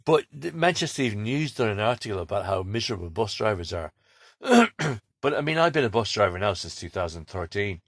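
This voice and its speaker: Deep-voiced man telling rambling stories. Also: a bit bright, no room sound, studio quality. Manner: rambling, laughs between stories. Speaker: bus driver. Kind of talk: casual anecdotal storytelling.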